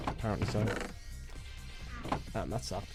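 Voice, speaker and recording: A man's voice: on the low side, unhurried, loud music behind the voice. A man chatting casually while streaming gameplay, rambling into sweary stories from his school days.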